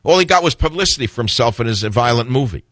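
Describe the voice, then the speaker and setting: A man's voice: mid-range voice, expressive, fast, a bit bright, dry recording, studio quality. A middle-aged man hosting a talk radio call-in show, blunt and opinionated, chuckling often.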